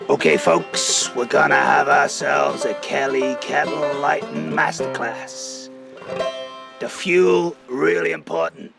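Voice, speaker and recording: A man voicing a grizzled old male wilderness wanderer, presenting bushcraft gear outdoors in a folksy, gravelly drawl. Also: on the high side, animated, takes it slowly, music in the background, heavily acted, rough recording. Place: outdoors by a campfire.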